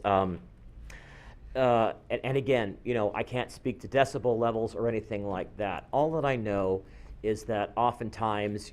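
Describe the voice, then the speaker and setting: A man resident addressing a city planning meeting, halting and full of restarts. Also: medium pitch. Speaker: resident giving public comment. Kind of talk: public comment at a city meeting.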